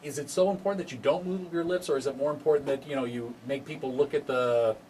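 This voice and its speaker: A man's voice: mid-range voice, fast, darkish tone, a little hiss or hum. A man hosting a radio talk show, joking and rambling as he asks questions. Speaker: radio host.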